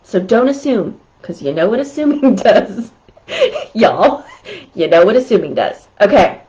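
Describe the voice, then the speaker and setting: A woman's voice: medium pitch, sing-song, measured pace, dark tone, muffled recording. A woman hosting a casual talk with communication tips, chatty and laughing often. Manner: chatty, laughs often, keeps asking "right?". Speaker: host.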